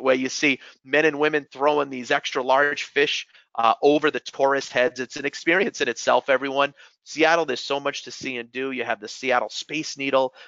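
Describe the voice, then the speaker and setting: A man's voice: mid-range voice, sharp tone, dry recording, dull audio. A man with a New England accent presenting a live sales webinar, upbeat and enthusiastic, often calling out to everyone.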